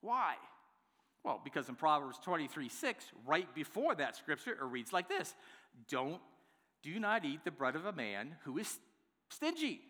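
A man preaching a sermon as pastor, playful and lively, acting out the excuses people give. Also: fairly high pitch, measured pace, long reverb tail. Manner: lively, playful, acts out congregants' replies. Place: church worship center.

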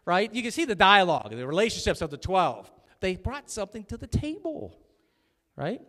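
A man's voice: high voice, very animated, normal speed, sharp tone. A middle-aged male pastor preaching a chatty, joking sermon, calling out to his congregation. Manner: chatty, jokey preaching with audience call-outs. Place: church sanctuary. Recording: long hall reverb.

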